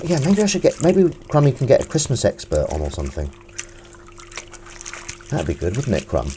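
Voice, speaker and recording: A man hosts a casual live stream from his kitchen sink. He rambles through chatty, self-mocking asides, his pitch leaping up and down as he talks. A faint background hiss sits under his voice. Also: a little mellow. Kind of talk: casual live-stream chat while washing up.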